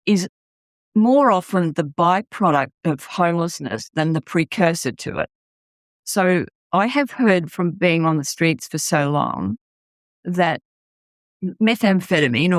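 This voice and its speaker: Her fairly low voice comes through with no echo as this middle-aged Australian woman, founder of a charity, tells stories candidly during an interview. She speaks earnestly and bluntly, often starting sentences over.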